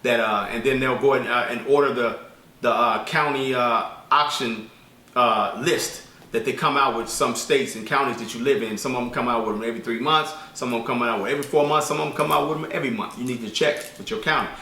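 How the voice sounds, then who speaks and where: A man teaching an informal spoken lesson as a business credit instructor, talking fast and colloquially, rambling with restarts. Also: mid-range voice, sharp tone, slight background noise. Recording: echoey room, distant mic.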